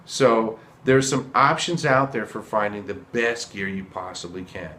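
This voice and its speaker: In a casual video lesson, an earnest trumpet teacher shares a tip, repeating himself for emphasis. His lowish voice is unhurried and fairly bright, and the sound is roomy.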